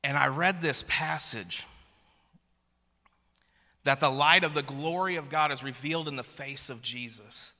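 A man's voice: a little high, a little slow, long pauses, pushed and bright. A man in his thirties preaching a sermon, telling a funny family story with frequent restarts and repeated words. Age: 30s. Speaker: pastor. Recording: long reverb of a large hall.

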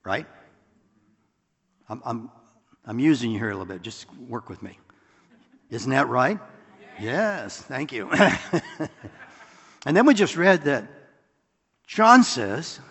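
Animated gravelly-voiced male preacher. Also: medium pitch, a little slow, pauses often, in a large hall. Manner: animated, chuckling asides, rhetorical questions. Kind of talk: sermon.

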